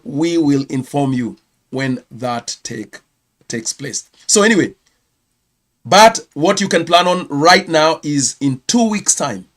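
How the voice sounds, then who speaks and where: A man from Kenya with a Kenyan accent, hosting a casual ministry news roundup, chatty and quick to correct himself. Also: a little high, fairly bright tone. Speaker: ministry host.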